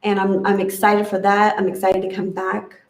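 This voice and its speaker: A woman's voice: medium pitch, monotone, normal speed, echoey room, low-quality recording. A woman sharing a personal story in an emotional, rambling way, with many fillers. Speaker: retreat guest sharing her experience.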